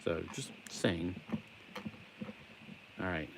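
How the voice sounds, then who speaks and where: A man's voice: fairly low pitch, normal speed, long pauses, background noise. A man with a Southern US accent chatting casually and rambling while building toys on a live stream. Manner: rambling, chatty, jokey asides. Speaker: toy collector streamer.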